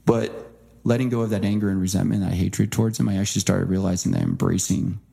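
A man speaking as an interview guest, telling a personal story earnestly and voicing quoted people with lively impressions. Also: deep voice, fast, creaky, slightly rough. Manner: earnest, animated impressions when quoting. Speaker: guest author.

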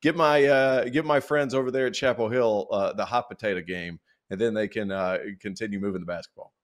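A man's voice: fairly low pitch, steady tone, fairly quick. A man with a Southern American accent co-hosting a sports talk show, joking and rambling through his points. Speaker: podcast co-host. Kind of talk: casual sports banter.

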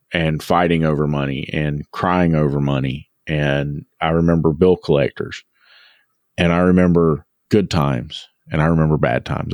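A podcast co-host with an extremely low, darkish voice tells a long personal story in casual podcast chat, reflective and repeating words as he thinks. The sound is clean studio quality with no echo.

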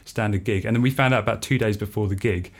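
A man, a freelance composer, telling anecdotes in a casual interview, animated and laughing often as he acts out what people said. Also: lowish voice, fast. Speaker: freelance composer and musician, podcast guest.

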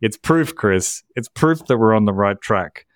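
A man with an Australian accent, co-hosting a podcast with teasing, deadpan banter. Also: fairly low pitch, a little slow, dry recording, clean studio sound. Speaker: podcast co-host.

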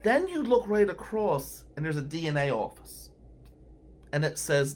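A man's voice: a little high, sing-song, a little slow. A man hosting a podcast, a lawyer telling wry, incredulous stories from his working day. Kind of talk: storytelling monologue.

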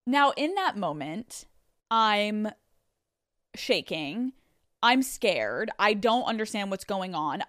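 A woman in her thirties hosting a podcast, telling a story on her own in a lively, cursing way and acting out what people said. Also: mid-range voice, no echo, clean studio sound. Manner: animated, swearing, acting out quotes. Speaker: podcast host. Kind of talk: solo storytelling to listeners. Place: studio.

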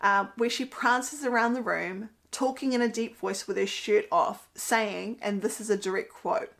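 A woman's voice: a little high, steady tone, moderate pace, vocal fry, hardly any pauses. A woman, a mother talking earnestly about parenting in a casual monologue, laughing now and then at her own stories. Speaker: mother giving parenting commentary. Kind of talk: casual monologue with Bible quotes.

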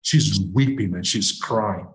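The voice is lowish and unhurried, from a middle-aged Nigerian man on a podcast as a guest. He tells a personal story in an animated way, dramatizing the dialogue along the way.

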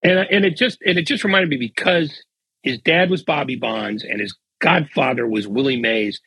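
A man's voice: medium pitch, moderate pace, bright, forceful tone, dry recording. An older man, a veteran sportswriter, telling dry, wry anecdotes as a guest on a casual podcast. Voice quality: raspy.

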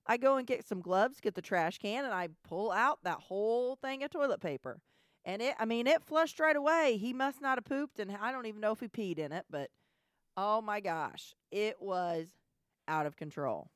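A woman telling a family story in casual chat, animated, with stammering restarts. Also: mid-range voice, moderate pace, clean tone, dry recording, clean studio sound. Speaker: podcast co-host, mother.

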